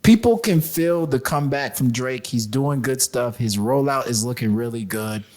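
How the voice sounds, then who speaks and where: A man's voice: medium pitch, moderate pace. A man co-hosting a podcast, ranting with emphasis and laughing as he talks. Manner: animated, laughing, emphatic rants. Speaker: podcast co-host. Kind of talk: casual chat.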